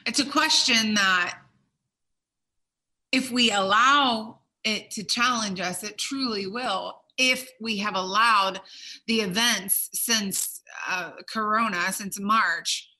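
A woman preaching a sermon with emphatic stresses, swinging from loud, ringing peaks to hushed, low tones. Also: slow, rough recording.

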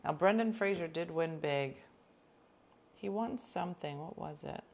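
A woman hosting a casual chat, telling rambling stories with quick whispered asides. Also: deep voice, creaky, slight background noise.

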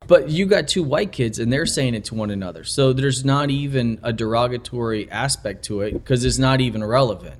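A man's voice: medium pitch, a little fast, hardly any pauses, a little hiss or hum. A man co-hosting a podcast, talking bluntly and swearing freely. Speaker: podcast co-host. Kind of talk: casual opinionated chat.

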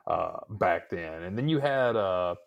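Laid-back man reminiscing, lively pitch. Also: a little slow, creaky, lo-fi sound. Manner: relaxed, reminiscing, crude. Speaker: podcast co-host. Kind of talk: casual profane chat.

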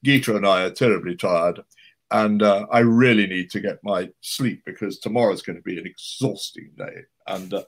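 A man's voice: fairly low pitch, normal speed. A man retelling an anecdote, voicing a grand, formal older male actor who speaks firmly and with weight. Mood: weary.

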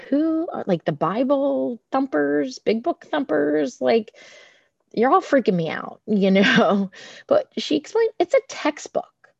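A woman's voice: on the high side, a little mellow, no room sound, muffled recording. A woman telling her recovery story in a candid, chatty, self-deprecating way, acting out the voices of the people she quotes. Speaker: recovery group speaker. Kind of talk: personal recovery share.

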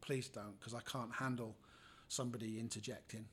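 A man's voice: medium pitch, fairly even intonation, normal speed, fairly bright tone, a little hiss or hum. A man, a comedian guest, telling stories in casual chat and acting out the people he quotes.

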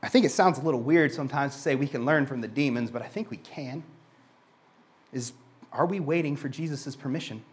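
A man with a high voice gives a sermon in a relaxed, conversational manner. He keeps dropping in "like" and repeats words as he restarts his thoughts. When he reads scripture he slows down and lowers his voice. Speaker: preacher.

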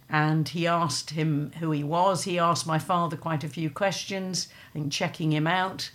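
An older woman with a notably low voice retells a family story from long ago. She speaks in a measured, unhurried way, pausing and restarting now and then. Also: steady tone, fairly bright tone. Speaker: storyteller recounting family history.

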